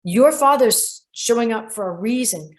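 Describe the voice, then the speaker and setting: A middle-aged woman hosts a show on dreams, with a voice pitched a little high. She tells a client's story in an animated way and acts out what each person said. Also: unhurried. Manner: animated storyteller who quotes people directly. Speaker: radio show host and dream interpreter. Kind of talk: storytelling monologue.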